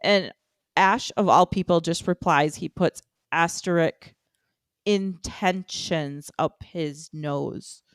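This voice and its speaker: An American woman co-hosting a fan podcast, telling stories in an animated, laughing casual chat. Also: fairly low pitch, slow, smooth, dry recording. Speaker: podcast co-host.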